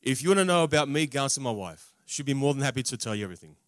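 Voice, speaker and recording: A man giving a spoken testimony sermon, with humorous asides and big swings in loudness on emphatic words. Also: mid-range voice, animated, rapid-fire, no echo, studio quality. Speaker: preacher. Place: large camp meeting venue.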